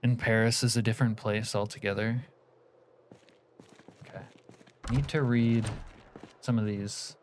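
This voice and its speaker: A man's voice: on the low side, flat delivery, measured pace, long pauses, slight background noise. A man live-streaming a game, chatting casually with his viewers, reading their messages aloud and muttering asides about the game as he plays. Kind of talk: live-stream chat while gaming.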